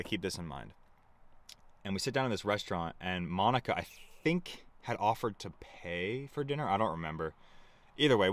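Young man, low-ish voice, casual vlog storytelling, rambling, profane. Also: fairly bright tone. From United States. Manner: rambling, profane, laughs at himself. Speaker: vlogger.

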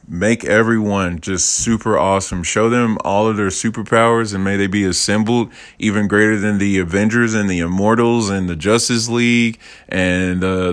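A man giving a casual, enthusiastic Torah teaching, rambling with playful asides and restarts. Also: on the low side.

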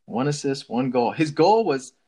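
A young man co-hosting a casual sports podcast, excitable and quick to laugh, often restarting his sentences. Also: medium pitch. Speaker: podcast co-host.

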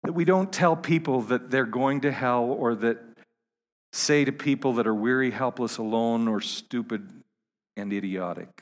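A man preaching a sermon to his congregation, halting and repeating words, rising to emphatic peaks. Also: medium pitch, big-room sound. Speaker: pastor.

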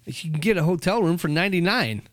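A man with a smooth, resonant voice and a fairly high pitch for a man co-hosts a casual podcast. He chats loosely and jokes a lot, recorded dry and close to the mic. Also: lively intonation, fast, dry recording. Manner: jokey, slips into mock voices. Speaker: podcast co-host. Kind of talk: casual chat.

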